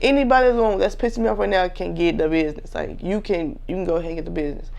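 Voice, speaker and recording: Gravelly young woman telling a story. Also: fairly low pitch, rapid-fire, darkish tone, highs cut off. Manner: candid, slangy, addresses viewers as y'all. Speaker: vlogger telling a personal story. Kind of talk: casual storytelling to camera.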